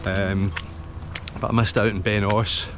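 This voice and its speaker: A man's voice: on the low side, flat delivery, a little slow, music in the background. A Scottish man from Scotland, talking to camera in a casual, rambling vlog with frequent ums and a passionate streak. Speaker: hillwalking vlogger.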